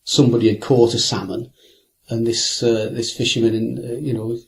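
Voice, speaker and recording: A man's voice: medium pitch, flat delivery, moderate pace. Older man recalling fishing stories. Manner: rambling, with many hesitations and restarts. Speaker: interviewee, angler. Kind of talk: reflective anecdotal interview talk.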